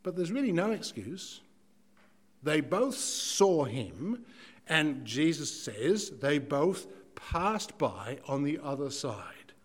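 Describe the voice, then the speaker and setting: A man from Ireland, preaching a sermon dramatically, moving between loud emphasis and hushed asides. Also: on the high side, very animated, takes it slowly, husky.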